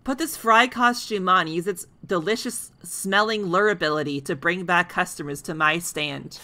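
A woman voicing a cheerful fry stand vendor in a game, with an upbeat, salesy delivery. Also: on the low side, normal speed, bright, forceful tone.

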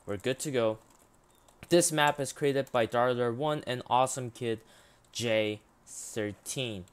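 A man hosting a game let's play, chatting and reading the on-screen text aloud, halting with frequent ums. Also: mid-range voice, smooth. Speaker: gaming channel host.

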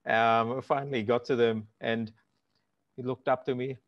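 Middle-aged male language teacher, animated and instructive, dry and close, heard over a dull lo-fi call. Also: medium pitch, moderate pace, no echo. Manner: animated and instructive, demonstrates words aloud. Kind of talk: explanatory conversation.

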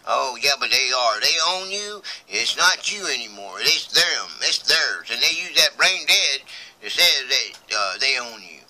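A man's voice: mid-range voice, expressive, measured pace, rough recording. A middle-aged man, talking to camera in a rambling way that turns impassioned and accusing. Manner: mutters quietly while reading paperwork. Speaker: video blogger.

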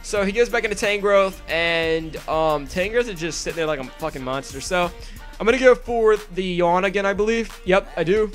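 Young male gamer narrator, high-pitched and hyped, laughs and cusses; light backing music. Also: normal speed. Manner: excitable, swears freely, laughs at himself. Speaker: gaming video narrator. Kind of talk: casual commentary over a game battle. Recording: faint music underneath.

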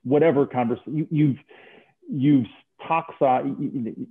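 A man's voice: medium pitch, takes it slowly, slightly rough. Earnest male caller, tinny line, mid-range voice. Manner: earnest, stumbling restarts. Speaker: book club participant. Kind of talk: casual group call discussion.

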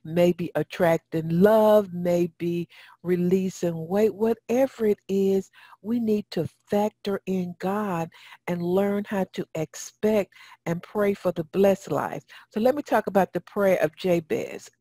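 A female radio talk show host gives a spoken teaching on prayer, addressing her listeners directly and repeating phrases for emphasis. Her medium-pitched voice is slow and dark-toned, and the recording is dry.

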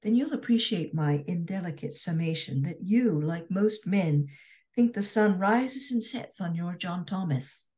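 Woman reading as sharp-tongued young Scotswoman, dry, teasing, low-voiced, storybook dialogue. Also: animated, measured pace. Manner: frank, dryly teasing. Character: witty, teasing young Scotswoman corset maker.

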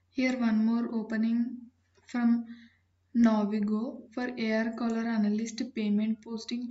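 A woman, hosting a channel and reading out job listings in a plain, businesslike way with frequent pauses. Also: on the high side, dark tone, lo-fi sound.

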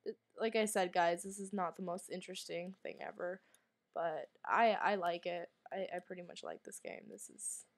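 A woman's voice: fairly low pitch, moderate pace. A woman giving let's play commentary while sick and coughing, jumpy and anxious, swearing often and dropping to whispers in tense moments. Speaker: gamer streamer.

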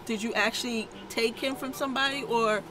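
A woman's voice: fairly high pitch, steady tone, fairly quick, background noise. A woman co-hosting a reaction video, recapping an episode in casual, slangy chat.

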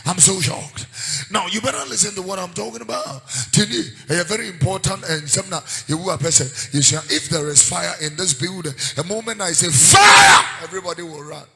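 A man preaching a sermon with a Ghanaian accent, shouting out warnings and switching between Twi and English. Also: high-pitched, fairly quick, creaky, soft background music, low-quality recording. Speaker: prophet preaching.

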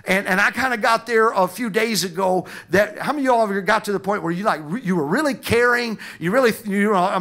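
A man preaching a sermon as pastor of a church, with a Southern Illinois accent, emphatic and repetitive, building to loud passages. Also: high voice, expressive, fast, hardly any pauses. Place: church sanctuary.

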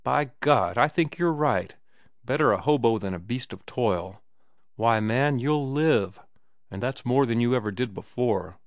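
A man's voice: on the low side, lively intonation, moderate pace, no echo, natural voice. Male narrator doing earnest young sailor-writer, emphatic. Dry sound.

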